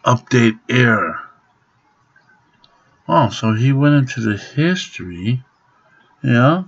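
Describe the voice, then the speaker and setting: Husky, profane ranting man. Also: mid-range voice, animated, takes it slowly. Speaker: vlogger. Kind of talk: angry rant to camera. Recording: dull lo-fi home recording.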